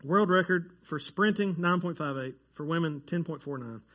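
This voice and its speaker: A pastor delivers his sermon with a fairly high-pitched voice. He speaks in a loose, conversational way and jokes with his congregation. He gets worked up when a fact surprises him. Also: normal speed, a bit bright, lo-fi sound. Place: church sanctuary.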